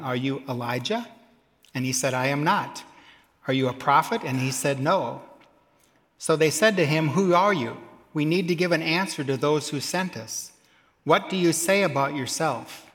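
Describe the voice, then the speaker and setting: A man's voice: on the high side, a bit bright, big-room sound. A man preaching a sermon, reading scripture aloud and adding humorous asides. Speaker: pastor.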